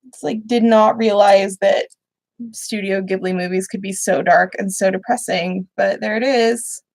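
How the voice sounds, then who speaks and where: A woman's voice: mid-range voice, fairly even intonation, unhurried, a little mellow, no echo, low-quality recording. A young woman hosting a livestream, chatting casually and rambling with many fillers as she sews. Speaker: livestream host. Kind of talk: casual chat while sewing.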